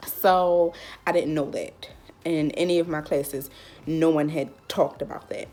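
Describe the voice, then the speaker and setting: A woman's voice: low voice, fairly even intonation, a little slow, a little mellow. A young woman vlogger telling a personal story in a casual, candid way, full of "like". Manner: chatty, lots of "like", candid.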